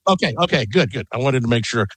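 A middle-aged man, a guest on a call-in radio interview, telling an excited, rambling story from his home. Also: mid-range voice, quick pace, breathy edge, no room sound. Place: home in Las Vegas.

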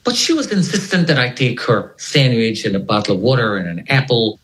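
A man's voice: medium pitch, very animated, a little fast, a bit bright, poor audio. A man, an interview guest, recounting a personal story and animatedly acting out the dialogue.

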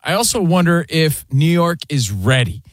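A sports radio host with a slightly high voice keeps the banter fast and animated. His voice is close and dry, recorded on a studio microphone with no room sound. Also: dry recording. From US East Coast. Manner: animated, rapid, says man and dude a lot.

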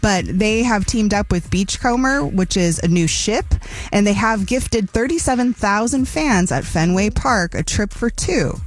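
A woman's voice: mid-range voice, lively intonation. A woman presenting a chatty trending-news segment on morning radio. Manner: chatty, brisk. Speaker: radio co-host.

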